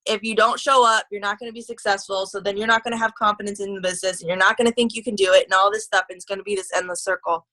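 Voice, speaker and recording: A woman's voice: medium pitch, steady tone, racing, hardly any pauses, bright, forceful tone, no room sound, poor audio. A woman leading a motivational team call, chatty and gushing, with lots of fillers and restarts. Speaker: team leader.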